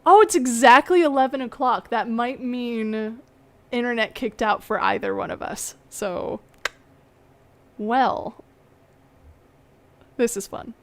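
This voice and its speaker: A young woman on a video call telling a story casually, chatty and laughing often, with dark humor. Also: fairly high pitch, slow pace, pauses often.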